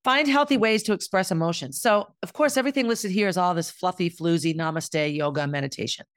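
A woman's voice: fairly low pitch, brisk, no room sound, studio quality. A middle-aged woman speaking candidly and bluntly in a reflective personal monologue, as the host of her own show. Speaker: podcast host.

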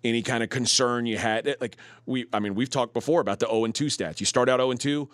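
A man's voice: mid-range voice, quick pace, fairly bright tone, dry recording. Sports-talk host man, dry sound. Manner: conversational, talks through point spreads and odds. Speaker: sports betting podcast host.

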